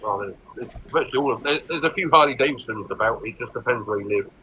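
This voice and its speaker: A man from Europe calling in to a livestream, halting and filling pauses with ums as he lists things. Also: mid-range voice, sharp tone, a little hiss or hum, poor audio.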